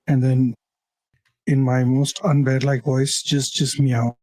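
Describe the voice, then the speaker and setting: A player in a tabletop game, talking casually and haltingly through their moves. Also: medium pitch, flat delivery, darkish tone. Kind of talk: tabletop role-play.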